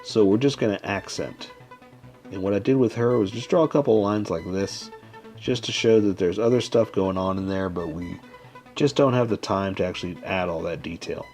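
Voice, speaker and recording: A man giving a casual, step-by-step drawing tutorial, talking while he draws and often checking in with a quick "okay?". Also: deep voice, faint music behind. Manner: relaxed, talks while drawing, frequent "okay?" check-ins.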